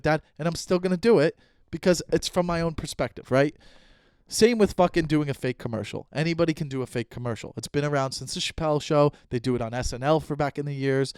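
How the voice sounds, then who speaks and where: Heated comedian ranting on a podcast. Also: male voice, fairly high pitch, a little mellow, clear, resonant tone, dry recording, studio quality. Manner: heated, swearing, acts out both sides of an argument. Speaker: podcast host and stand-up comedian. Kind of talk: casual solo podcast storytelling.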